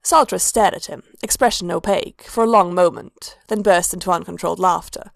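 A woman narrating a story aloud in a steady, low-key reading. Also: a little fast, creaky, dry recording, clean studio sound. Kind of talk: storybook fan-fiction reading.

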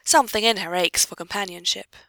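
A woman narrating a story in a steady, even reading. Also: mid-range voice, brisk, dry recording. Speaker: audiobook reader.

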